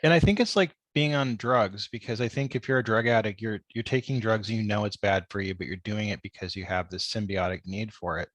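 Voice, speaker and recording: A man's voice: on the low side, brisk, hardly any pauses, a bit bright, dry recording. A man hosting a podcast interview, agreeable and chatty with his guest. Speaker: podcast host. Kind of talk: casual interview chat.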